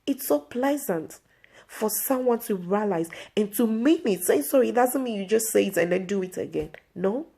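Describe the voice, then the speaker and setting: A woman's voice: medium pitch, animated, normal speed, vocal fry, warm tone, slightly rough. A woman vlog host giving an earnest inspirational faith talk to camera, repeating her pleas.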